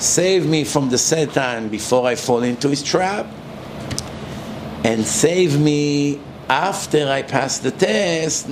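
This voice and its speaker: Emphatic rabbi firing rhetorical questions. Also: male voice, noisy background. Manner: emphatic, rhetorical questions, dramatic swings in pitch. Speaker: rabbi giving a lecture. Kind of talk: sermon-style lecture.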